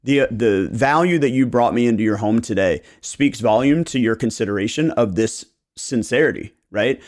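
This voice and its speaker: A man from the Baltimore area hosting a casual real estate podcast, talking in an animated way and acting out conversations with clients. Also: mid-range voice, normal speed. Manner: animated, acts out client conversations in quoted voices.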